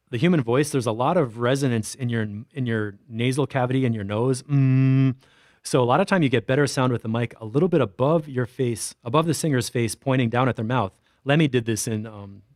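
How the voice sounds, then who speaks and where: A young man in the middle of a pitch range talks through production tips on a livestream, rambling and casual with plenty of asides. He hums and scats rhythms to show his ideas. The sound is dry, with no room echo. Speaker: livestream host reviewing music tracks.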